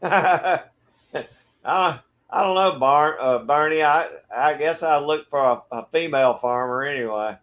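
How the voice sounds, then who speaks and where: A middle-aged man from Georgia with a Southern accent, hosting a relaxed livestream and greeting viewers by name. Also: on the high side, unhurried. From Georgia, USA. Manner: friendly, laid-back, greets viewers by name. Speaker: livestream host. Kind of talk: casual chat reading viewer comments. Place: backyard shed.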